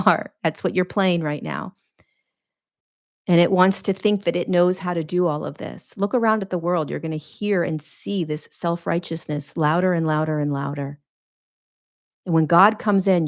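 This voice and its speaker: A woman's voice: lowish voice, creaky. A woman hosting her own podcast, speaking as a spiritual teacher in an earnest, emphatic monologue that repeats phrases for weight. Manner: earnest, repetitive, emphatic, preaching cadence.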